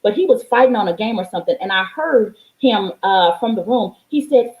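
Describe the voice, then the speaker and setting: A woman's voice: mid-range voice, lively intonation, a little fast, few pauses, darkish tone, echoey room, low-quality recording. A woman life coach and mother talking straight to her viewers in an emphatic, preachy way. She repeats lines for stress and swears freely. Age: adult, parent of a young child. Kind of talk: motivational vlog monologue.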